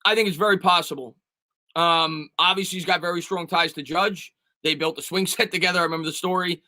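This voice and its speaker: A sports channel host with a high-pitched, sharp voice in a steady tone runs a sports live stream, recorded with no room sound. He reads viewer comments and answers casually, fast and repetitive, stammering and often restarting.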